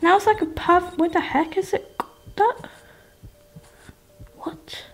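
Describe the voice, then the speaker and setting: A woman, a gaming YouTuber, chatting excitedly with viewers as she plays through a game, often talking to the game itself. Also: very high-pitched, moderate pace, vocal fry. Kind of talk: let's-play commentary.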